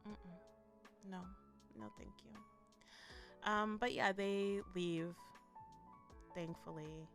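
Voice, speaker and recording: A woman giving a blunt, animated, profane commentary in a casual vlog, laughing often. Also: lowish voice, slow, pauses often, music in the background. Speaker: vlogger reviewing a documentary.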